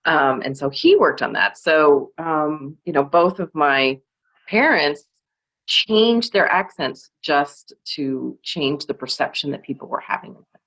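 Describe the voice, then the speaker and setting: A woman's voice: sits low, creaky, a bit bright, slightly rough, low-quality recording. An American woman from California with a slight Southern drawl, speaking reflectively as an author guest on a video call, hesitant with many fillers and restarts. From California, USA. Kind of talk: reflective conversational talk.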